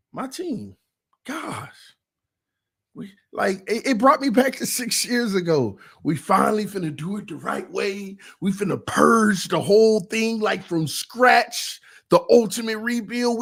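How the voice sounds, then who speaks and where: A man's voice: high voice, gravelly, fairly bright tone. A man hosting a sports fan livestream, talking in an emotional, confessional way and repeating points for emphasis. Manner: casual, repeats himself for emphasis. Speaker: sports fan show host.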